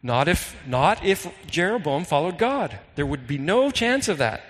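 Male pastor with a fairly high voice, earnest sermon delivery, long hall echo. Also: sing-song. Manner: earnest, reads scripture slowly and dramatically.

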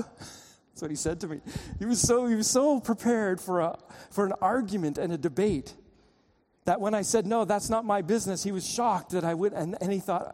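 In a church sanctuary, a pastor delivers a sermon in a fairly high, mellow voice at normal speed. He tells a story and urgently pleads with his listeners, swinging dramatically between loud and quiet passages. A long reverb lingers after his words.

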